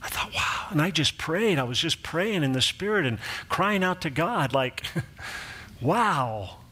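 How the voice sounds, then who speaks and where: Male pastor, middle-aged, preaching with lively storytelling, slightly higher-pitched voice, acts out the voices in his anecdotes. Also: unhurried, slightly rough. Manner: animated storyteller, acts out quoted voices, laughs at his own jokes. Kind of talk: sermon with personal storytelling.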